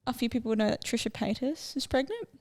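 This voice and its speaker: A young woman co-hosts a podcast in a loose, chatty way, drifting from one topic to another. Her voice sits a little high and carries a steady gravelly fry. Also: quick pace. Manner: chatty, rambling, easily sidetracked. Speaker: podcast co-host. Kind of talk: casual chat.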